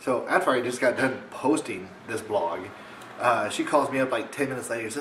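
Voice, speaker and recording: A young man casually telling a funny story to his camera at home, rambling and animated. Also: a little fast, reverberant, a little hiss or hum. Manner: rambling, animated, mimics others in high voice. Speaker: vlogger. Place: home, indoors.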